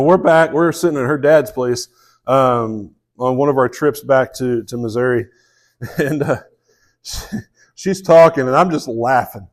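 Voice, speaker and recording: A man with a Southern US accent preaching a sermon to a live congregation, telling a story in a relaxed way with many fillers. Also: mid-range voice. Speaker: pastor.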